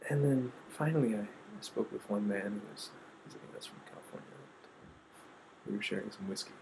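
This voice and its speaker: A man earnestly telling a personal story, acting out quotes and trailing off into soft asides. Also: lowish voice, brisk, creaky, noisy background. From United States. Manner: earnest, quoting others with shifts of voice, trailing off softly.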